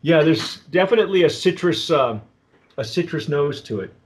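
Halting, rambling man with a higher voice. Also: lively intonation. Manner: rambling, halting, with many restarts and fillers. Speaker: tequila review host. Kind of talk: casual tasting chat.

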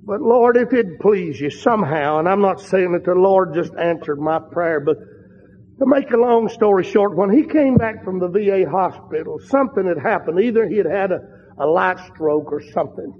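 Fervent high-voiced preacher in a reverberant hall. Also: male voice, normal speed, slightly rough. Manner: rising to fervent emphatic peaks, repeating phrases. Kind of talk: sermon. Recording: long hall reverb, dull lo-fi sound.

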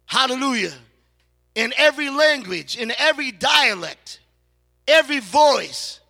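High-voiced preacher man with gravelly fry. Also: bright, forceful tone. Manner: preaching with frequent hallelujahs and slow emphatic phrases. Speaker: pastor. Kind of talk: sermon. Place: large church sanctuary. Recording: long hall reverb.

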